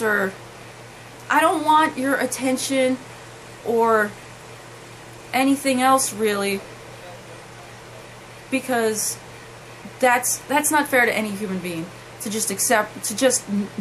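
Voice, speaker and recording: Young woman vlogger, slightly high voice, earnest and halting, faint hiss behind. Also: fairly bright tone, rough recording. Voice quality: halting and emotional, with many restarts. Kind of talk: emotional personal storytelling.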